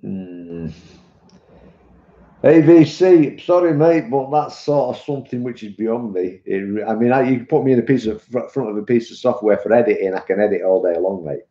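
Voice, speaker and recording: This vape reviewer and live streamer is a middle-aged British man who rambles through casual stream chat, addressing viewers as "mate." He speaks in British English at a normal pace, his voice on the low side with a dark tone. Sound is muffled with room echo.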